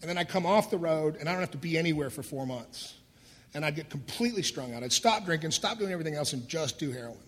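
A middle-aged man candidly telling his own recovery story, wry and laughing through the dark parts. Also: on the high side, animated, fast. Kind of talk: personal storytelling talk. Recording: voice in a hall with long reverb.

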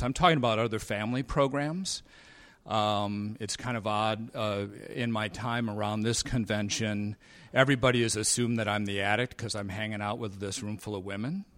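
A man in his fifties sharing his recovery story at a convention, halting with many fillers and a dry, sarcastic humor. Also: fairly low pitch, a bit bright, no echo. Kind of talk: personal talk at a convention. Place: convention meeting room.

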